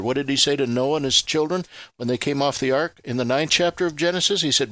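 A man's voice: a little high, fast, a bit bright, no echo. A man explaining scripture on a Christian radio talk show, expansive and preacherly, building to emphatic rhetorical questions. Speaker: ministry leader guest.

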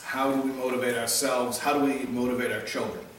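A man's voice: medium pitch, fairly even intonation, brisk, a bit bright. Guy giving a chatty torah class, tells a joke first, roomy hall, mic kinda far, faint background hum. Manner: joke-telling, conversational teaching. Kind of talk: informal Torah class talk. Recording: echoey hall, mic at a distance, faint ambience.

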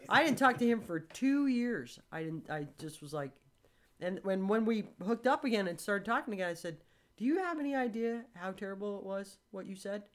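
A woman in her sixties hosting a casual chat, telling stories with animated, blunt delivery and acted-out dialogue. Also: medium pitch, a little fast. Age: 60s. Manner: animated storytelling, swears freely, acts out quoted dialogue.

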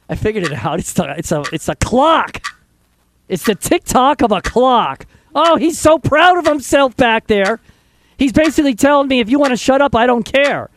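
A man hosting a radio show from a studio, rambling casually and joking at his own expense. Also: extremely high pitch. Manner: joking, self-mocking, talks to himself. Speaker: radio host. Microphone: studio microphone.

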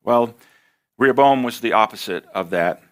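American man preaching a sermon. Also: fairly low pitch. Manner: expressive preaching, rising for emphasis, slowing on scripture. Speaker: pastor.

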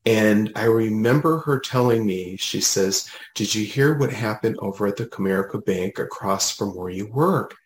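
A man, a medium, telling a personal story in casual conversation, animated and full of fillers, acting out what others said. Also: lowish voice, roomy sound, poor audio. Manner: animated, retells dialogue, many fillers. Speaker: medium, podcast guest.

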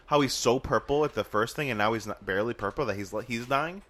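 A man's voice: medium pitch, fast talker, a bit bright. A man co-hosting a podcast in a casual, playful way, teasing and cutting in. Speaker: podcast co-host. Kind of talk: casual chat.

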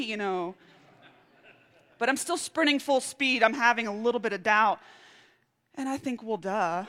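A woman preaching a sermon, telling a personal story with lively, animated outbursts. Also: a little high, moderate pace. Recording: reverberant hall.

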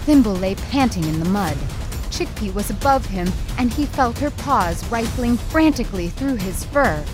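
A woman narrating a storybook in a slow, dramatic and suspenseful way. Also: fairly high pitch, lively intonation, loud music behind the voice.

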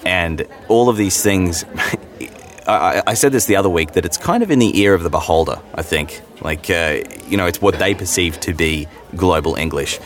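A man, a voice actor, chatting casually on a podcast panel in a relaxed, hesitant way with many fillers. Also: sits low, moderate pace, soft background music.

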